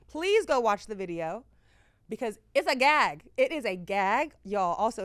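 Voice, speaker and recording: A woman in her thirties hosts a podcast with lively, slang-filled, exclamatory chat. Her voice sits at an ordinary middle pitch. The sound is close and dry, with no room around it. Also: clear, resonant tone, no echo. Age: 30s. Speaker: podcast host.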